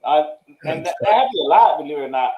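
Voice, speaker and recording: A man hosting a casual interview, asking questions and giving shout-outs. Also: fairly high pitch, lively intonation, quick pace, highs cut off, a little hiss or hum. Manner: easygoing, asks questions and gives shout-outs. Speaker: host. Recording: roomy echo.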